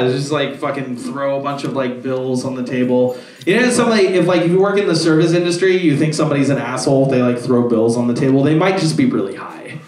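A man's voice: mid-range voice, brisk, recorded from a distance. A young man doing a stand-up set, rambling with lots of filler words and swearing, on a comedy club stage. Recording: roomy club from off-mic.

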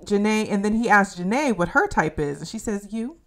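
Woman co-host, casual recap delivery, wry asides, mid-pitched voice. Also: expressive, fairly quick. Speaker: podcast co-host.

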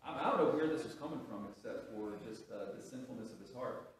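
Echoey pastor preaching from afar. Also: male voice, medium pitch, quick pace, a little hiss or hum. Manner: storytelling with frequent restarts and rising emphasis. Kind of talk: sermon. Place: church sanctuary. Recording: very echoey hall, from a distance.

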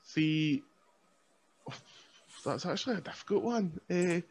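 A man's voice: high voice, animated, takes it slowly. A man with a Scottish accent chatting as a podcast guest, joking and rambling in a self-mocking way. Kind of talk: casual chat. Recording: lo-fi, dull sound.

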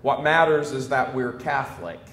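An American man in his fifties gives an emphatic preaching talk to a live audience. He swings between loud declarations and quiet storytelling. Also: steady tone, normal speed. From United States. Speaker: Catholic speaker addressing an audience. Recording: echoey room, faint low rumble.

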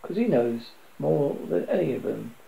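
A man's voice: mid-range voice, very animated, normal speed, gravelly, mellow, slight background noise, rough recording. A man voicing a worried, protective young mother in a read-aloud story. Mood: defending.

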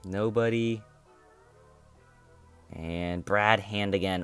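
A young man hosting a gaming channel opens boxes in a mobile game, grumbling and repeating himself as his frustration grows. His fairly low voice is smooth and steady, slow with long pauses, and faint music plays under the screen recording with no room sound.

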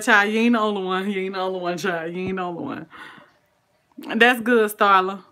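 Bright-voiced Southern woman chatting with viewers. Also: mid-range voice, fairly quick. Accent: Southern American. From Southern United States. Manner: folksy, sprinkles "honey" and "child", greets viewers by name. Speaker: cooking livestream host. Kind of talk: casual livestream chat with viewers.

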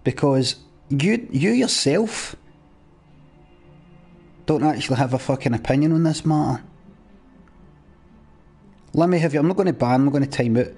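A man's voice: a little high, expressive, moderate pace, pauses often, darkish tone, slightly rough, soft background music. A young man live-streaming a game, chatting casually and ranting at his viewers with plenty of swearing. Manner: sweary, ranting at chat in a mock-exasperated way.

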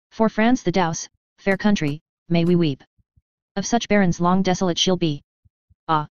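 Woman reciting an epic poem, smooth and low. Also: highs cut off. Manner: measured, steady verse recitation. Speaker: reader. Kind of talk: reading an epic poem aloud.

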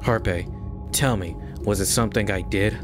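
A man reading a clingy, accusing game character's lines in a lower, pleading voice. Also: moderate pace, natural voice. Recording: game music playing behind.

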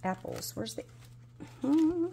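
A woman's voice: sits high, animated, slow pace, vocal fry, dark tone, slight background noise. A woman in her forties with a Southern US accent, chatting casually to herself as she plays a budgeting game and hunts for pieces, mildly exasperated. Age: 40s. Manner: talks to herself while searching, mildly exasperated. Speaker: budgeting vlogger. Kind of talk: casual solo chat.

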